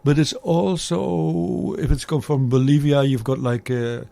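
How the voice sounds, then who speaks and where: A male radio co-host in casual studio chat, rambling and musing in halting bursts with repeated words. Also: on the high side, fairly even intonation, vocal fry, warm tone, no room sound. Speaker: radio co-host reviewing music releases.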